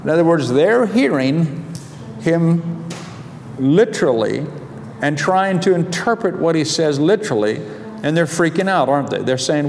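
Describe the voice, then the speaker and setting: A man preaching a sermon, reading scripture aloud with a slow, drawn-out, emphatic delivery. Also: a little high, lively intonation, creaky, darkish tone. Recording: long hall reverb, faint background noise.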